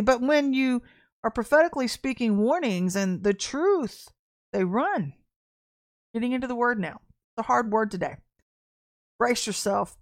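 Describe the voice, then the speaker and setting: Woman, middle-aged, prophetic podcast host; blunt, lively delivery with repeated phrases, pitched a bit high. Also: moderate pace. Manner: blunt, animated, laughs at herself, repeats phrases for emphasis. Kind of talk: livestreamed prophetic teaching.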